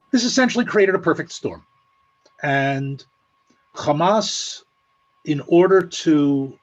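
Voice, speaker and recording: Measured male analyst on a muffled call. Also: a little high, slightly rough. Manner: measured, explanatory, dryly sarcastic asides. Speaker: guest analyst. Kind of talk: spoken analysis at an online meeting.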